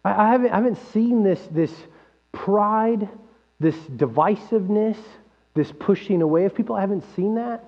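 A man with a high voice preaches a sermon, lively and full of rhetorical questions. His voice rings through a large hall with a long reverb. The recording sounds dull and lo-fi, with a faint mains hum underneath. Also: moderate pace. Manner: animated, acts out quoted voices, rhetorical questions. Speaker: pastor.

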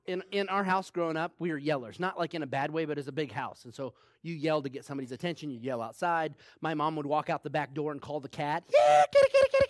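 A man's voice: fairly high pitch, no room sound, clean studio sound. A man preaching a sermon in a conversational way, telling a personal story, repeating phrases for emphasis and laughing often. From small town. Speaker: pastor.

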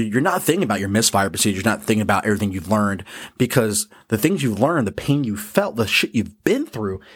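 A man's voice: medium pitch, breathy edge. A man hosting a podcast, giving a casual motivational monologue in a blunt, profane and self-deprecating way. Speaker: podcast host.

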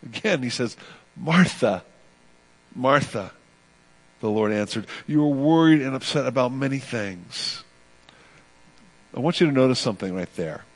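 A man's voice: medium pitch, normal speed. Male pastor, mid-range voice, emphatic preaching, rises and drops in volume. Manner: emphatic, rising and falling delivery with repeated phrases. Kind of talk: sermon.

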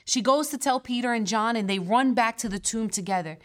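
A woman's voice: on the high side, fairly quick. A woman pastor delivering a sermon in a church, earnest and conversational, with playful asides between scripture readings.

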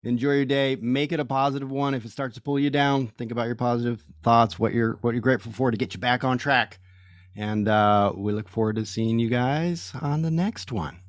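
Podcast co-host, male, relaxed and self-mocking, mid-pitched voice, dry close mic. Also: fairly quick, no echo. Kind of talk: casual chat.

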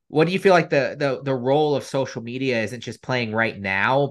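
A man's voice: on the low side, fairly bright tone. A man hosting a podcast, asking long rambling questions with many hesitations. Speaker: podcast host. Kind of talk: casual podcast interview.

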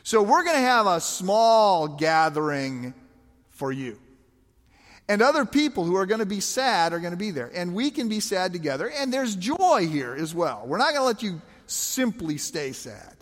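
High-voiced pastor preaching in a reverberant hall. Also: male voice, very animated, moderate pace. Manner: conversational, emphatic, rhetorical questions. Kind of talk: sermon.

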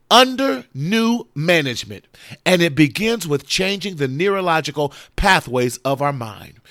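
Woman, motivational host, preacherly, emphatic, lively swings, forceful tone. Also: sits low. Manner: emphatic, preacherly, leads call-and-response affirmations. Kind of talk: motivational self-help talk.

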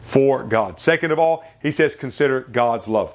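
A man's voice: mid-range voice, lively intonation, normal speed. A man preaching a radio sermon, repeating phrases for effect and building to impassioned emphasis at key points.

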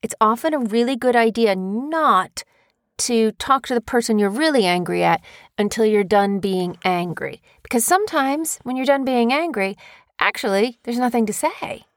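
This woman's voice is on the high side and moves at a normal speed, with studio-quality sound and no room noise. She is a mother co-hosting a casual podcast chat with her young son, telling stories animatedly and drawing lessons from them in a teaching manner.

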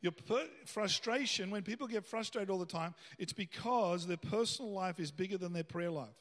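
Male pastor, high voice, casual sermon with emphatic peaks, reverberant church hall. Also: normal speed, a bit bright. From Australia. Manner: conversational preaching, rising to emphatic bursts.

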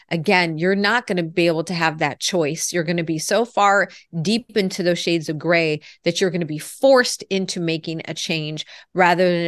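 A woman's voice: fairly low pitch, fairly bright tone, no room sound. Earnest woman coach, dry close sound. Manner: earnest, reflective, many "you know" asides. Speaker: lifestyle coach. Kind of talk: podcast interview answers.

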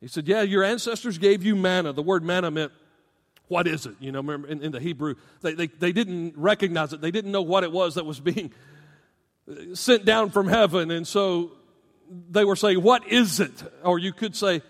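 High-voiced preaching man in a reverberant hall. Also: normal speed. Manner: animated, emphatic preaching with asides to the congregation. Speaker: pastor. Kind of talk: sermon.

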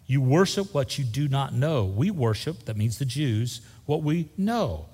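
Man, animated sermon voice, long hall echo, scripture reading with acted voices. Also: mid-range voice, unhurried, husky. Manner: lively preaching, acts out Bible voices, casual asides. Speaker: pastor.

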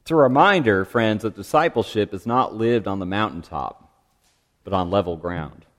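Reflective male pastor in a reverberant church. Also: medium pitch. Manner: gentle, reflective, trailing off at phrase ends. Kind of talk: sermon. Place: church sanctuary.

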